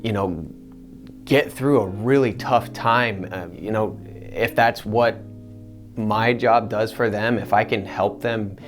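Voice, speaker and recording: Earnest low-voiced male voice actor. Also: slow, faint music behind. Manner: earnest, animated storytelling. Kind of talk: interview answers to camera.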